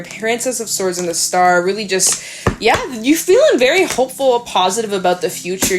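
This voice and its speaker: A woman reading tarot cards in a loose, unscripted way. She talks fast and chatty, swears freely and often breaks into laughter. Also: medium pitch, noisy background. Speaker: tarot reader.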